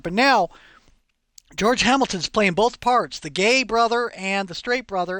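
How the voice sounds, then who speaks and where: Rambling, excitable male streamer, dry sound. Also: sits high, dry recording. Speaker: poker streamer. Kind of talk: casual live stream chat.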